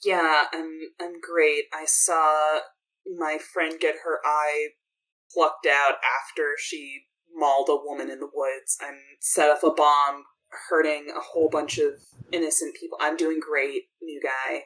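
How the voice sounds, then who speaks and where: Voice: mid-range voice, little pitch movement, unhurried, bright, forceful tone, low-quality recording. A game master voicing an exhausted, sarcastic woman who works as a medic in a clown troupe, talking in a dry, weary way that trails off. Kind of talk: tabletop game role-play.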